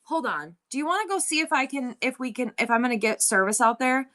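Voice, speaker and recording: A woman with a high voice and lively intonation hosts a casual livestream as a seller, speaking a little fast against a noisy background. She's candid and blunt, swears freely, and rambles with many restarts.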